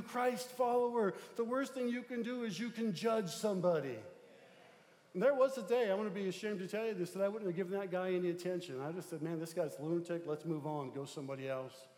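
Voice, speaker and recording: A man who is a pastor, telling a story in a sermon, swinging between loud excitement and hushed tones. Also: sits high, echoey room, long reverb tail. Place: church sanctuary.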